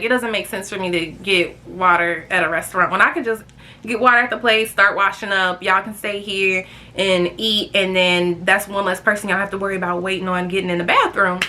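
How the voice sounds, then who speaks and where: A young woman telling a girls' trip story to her viewers in casual vlog style, animated and chatty. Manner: chatty, animated, jumps high when quoting friends. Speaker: storytime vlogger.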